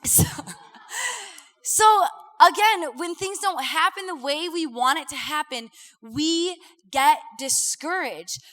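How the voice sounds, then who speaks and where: A young woman giving a casual sermon, chatty and animated, full of fillers and acted-out quotes. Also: sits high. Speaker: preacher. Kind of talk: casual sermon with personal stories. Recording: live talk with long hall reverb.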